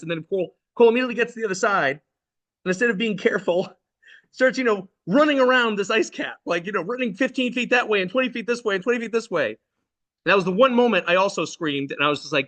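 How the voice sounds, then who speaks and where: A middle-aged man telling a personal story in loose, rambling casual talk, leaping high when he quotes his own alarm. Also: fast. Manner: animated, jumps to high pitch quoting his own alarm; loose, rambling, many "like" and "right?" fillers. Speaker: spiritual channeling host.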